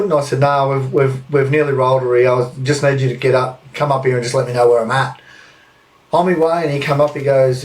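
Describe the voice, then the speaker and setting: Telling a meandering story on his podcast, the thirty-something Australian host swears freely and talks briskly in a mid-range voice with fairly even intonation. The mic is distant.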